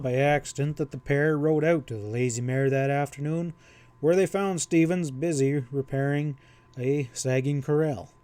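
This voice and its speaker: A man reading a western novel aloud as an audiobook narrator, in a steady storytelling manner. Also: a little high, moderate pace, no echo.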